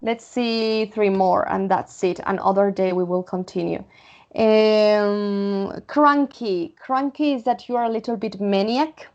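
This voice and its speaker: A woman from Spain with a Spanish accent, teaching English vocabulary online, repeating words slowly and checking in with "okay?". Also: medium pitch, fairly even intonation, darkish tone, highs cut off. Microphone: computer mic.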